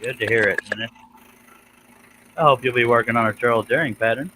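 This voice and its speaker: Bright-voiced man hosting a live stream. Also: medium pitch, brisk, slight background noise, low-quality recording. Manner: jokey, laughing easily, drawling "y'all". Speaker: scroll saw pattern designer hosting a live stream. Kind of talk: casual live-stream chat.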